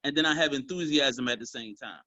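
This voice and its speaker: A man coaching a group on sales, talking in a casual, animated way and calling them y'all. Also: medium pitch, brisk, no echo, highs cut off. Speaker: sales trainer. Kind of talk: motivational training talk.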